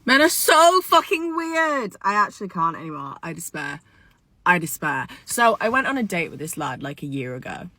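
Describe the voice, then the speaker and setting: A woman's voice: medium pitch, big pitch swings, moderate pace, few pauses, pushed and bright. A woman telling a dating story in a casual phone video, exasperated and sarcastic.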